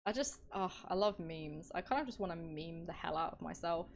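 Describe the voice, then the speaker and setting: A woman's voice: on the low side, lively intonation, normal speed, gravelly, a little hiss or hum, rough recording. A young woman from England with an English accent, chatting casually with her live-stream audience, bubbly and giggly, often trailing off into sighs.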